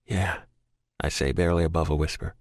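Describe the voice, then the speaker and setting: A man's voice: low voice, moderate pace, dry recording, clean studio sound. A man narrating a first-person romance audiobook in a raw, emotional, profanity-laced way.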